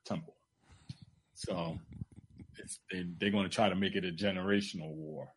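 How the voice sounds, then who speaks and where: A man co-hosting a talk radio show, speaking with hesitant, halting fillers. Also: sits low, steady tone, slight background noise.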